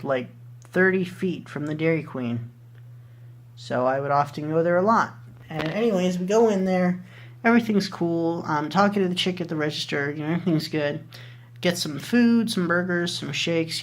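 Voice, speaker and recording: A man's voice: on the high side, moderate pace. A young man vlogger telling a story casually, rambling with lots of fillers and swearing freely.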